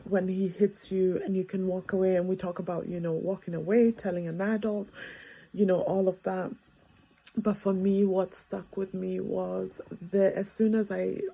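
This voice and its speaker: A woman's voice: medium pitch, creaky, dark tone, husky, poor audio. A woman in her thirties, a mother telling a family story in a casual, rambling way with many fillers, recorded in a bedroom. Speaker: vlogger, mother.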